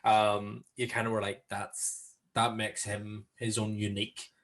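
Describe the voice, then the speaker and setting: A man's voice: lowish voice, monotone, measured pace, fairly bright tone. Northern Irish male co-host, chatty film-review banter, laughs easily. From Northern Ireland. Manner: chatty, laughs often, playful. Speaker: podcast co-host. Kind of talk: casual film review chat.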